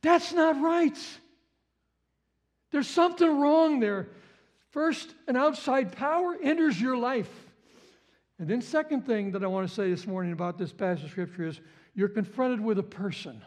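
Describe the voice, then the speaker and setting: A man preaching a sermon as pastor, impassioned, repeating his phrases and jumping to sharp exclamations. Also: very high voice, normal speed.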